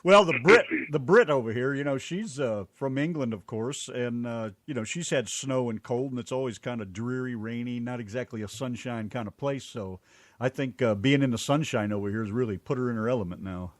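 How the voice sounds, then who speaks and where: A man hosting a relaxed radio interview, talking in a folksy, joking way. His voice is dry and close, and it sits in an ordinary middle pitch range. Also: fairly quick, dry recording. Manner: folksy, jokey. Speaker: radio show host.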